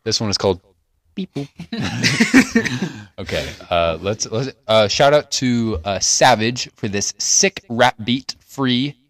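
A man's voice: medium pitch, very animated, takes it slowly, a bit bright, no echo. A man hosting a casual comedy sketch and rap game, talking in a laid-back, rambling, self-deprecating way. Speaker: host.

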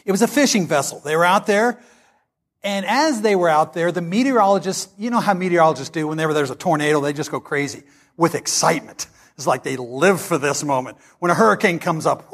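A man's voice: a little high, fairly quick. A male pastor preaching a sermon, telling stories in a folksy, emphatic way. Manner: animated storytelling, folksy and emphatic.

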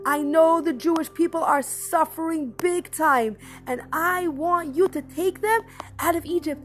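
A woman voicing God, speaking low, hushed and slow with calm authority. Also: soft background music. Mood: solemn. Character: God, a calm commanding divine voice.

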